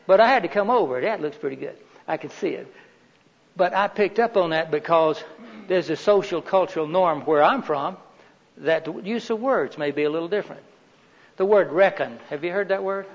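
A man's voice: sits high, animated, moderate pace. A middle-aged man giving a live workshop talk in a meeting room, chatty and folksy, often asking the audience questions. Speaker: workshop lecturer. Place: meeting room with windows and a heater. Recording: dull reverberant room recording.

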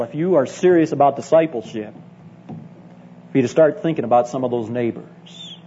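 A middle-aged Bible college teacher addresses church leaders in a conference sermon, earnest and emphatic, weaving in personal stories and appealing directly to his listeners. His voice is warm and medium-pitched. The recording sounds like dull lo-fi tape with a faint hum.

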